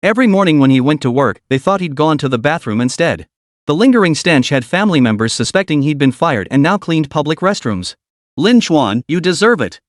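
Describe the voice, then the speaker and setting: A man narrating a dramatic story in a steady, even reading voice. His voice sits fairly high for a man, and the recording is dry and close with no room sound. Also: fairly quick, dry recording.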